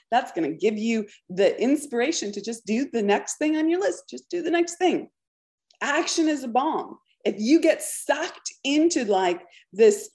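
A woman hosting her own podcast, coaching listeners in a lively talk that keeps checking in with "okay". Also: fairly high pitch. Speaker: podcast host, business coach.

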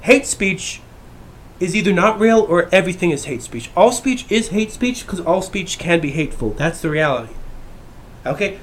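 A man's voice: high-pitched, lively intonation, moderate pace, slight background noise. Brash, profane man ranting. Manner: profane, brash, swings between shouting and mumbling. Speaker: YouTuber. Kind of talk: casual ranting monologue.

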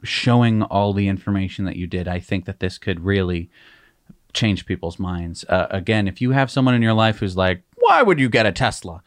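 A man's voice: low-pitched, moderate pace. A man co-hosting a casual tech news show, exasperated and mocking. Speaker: co-host.

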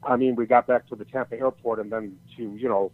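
An older man, a storyteller guest, spins a long, rambling tale in casual chat, swearing freely and often restarting his sentences. His mid-range voice is steady in tone and quick in pace, with no room sound. The audio is tinny, like a phone.

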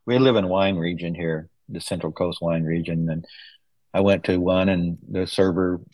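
A man's voice: sits low, fairly even intonation, normal speed, darkish tone, dry recording, low-quality recording. A man, an author's son, telling casual anecdotes in an interview, acting out the voices of people he quotes. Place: West Coast wine region home.

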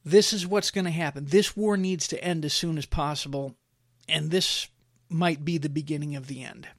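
Male host, opinion monologue; blunt, chatty, filler-heavy delivery; slightly high voice, dead-dry sound. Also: normal speed, dry recording. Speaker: podcast host.

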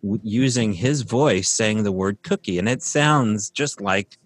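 A man's voice: on the low side, slow, dry recording. A man casually telling a long, rambling story from his rural property, with many fillers and restarts.

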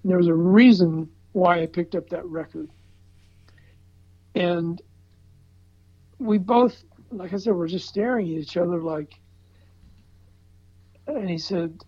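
A man's voice: high-pitched, slow pace, pauses often. Older man telling a story. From Southern United States. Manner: animated, chuckling, frequent restarts. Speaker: record promotion veteran telling a story. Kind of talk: casual storytelling. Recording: slightly dull, muffled recording.

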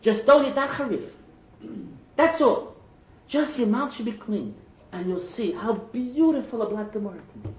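A man with a very high voice tells stories in a sermon. He gets animated and often climbs to shouted emphasis. The recording is echoey and muffled, as if taped in a large room. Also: moderate pace. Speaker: preacher. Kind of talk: sermon storytelling. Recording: echoey and dull lo-fi.

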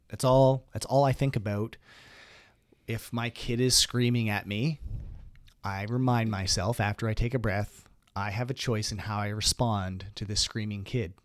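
A man in a casual podcast chat, relaxed and chuckling as he gives advice, his voice sitting at an ordinary middle pitch. He trips over his words and restarts, and the close microphone sounds dry with no room around it. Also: dry recording. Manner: relaxed, laughs often, restarts mid-sentence. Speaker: podcast co-host.

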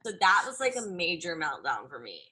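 A woman's voice: lowish voice, very animated, fairly quick, bright, forceful tone. A young woman co-hosting a podcast, chatting casually and telling stories with lots of "like". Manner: chatty storyteller, many "like"s. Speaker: podcast co-host, blogger. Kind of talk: casual chat.

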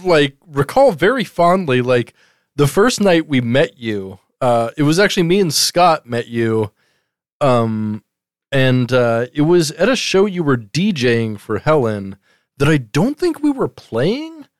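A man's voice: a little high, sing-song, measured pace, no echo, studio quality. A man in his thirties co-hosting a podcast, chatting casually, rambling and swearing freely. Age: 30s. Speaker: podcast co-host.

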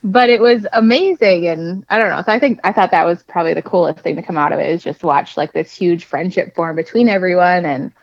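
A woman's voice: on the low side, fairly quick, few pauses. A woman author chatting casually as a podcast guest, rambling with lots of fillers over a dull remote recording. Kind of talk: casual interview chat. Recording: dull, dry remote audio.

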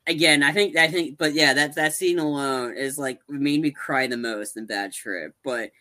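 Casual podcast co-host, male, bright tone, rambling and animated, stumbles and restarts often. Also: on the high side, moderate pace. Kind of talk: casual movie recap chat.

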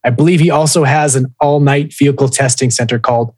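A man's voice: mid-range voice, steady tone, quick pace, background noise. A man co-hosting a casual podcast, telling a story with lots of swearing and reading listener posts aloud. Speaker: podcast co-host.

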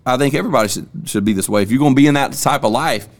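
A man's voice: mid-range voice, rapid-fire. A young man on a casual podcast, telling stories from his school days in loose, slangy talk with plenty of cussing. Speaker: podcast host.

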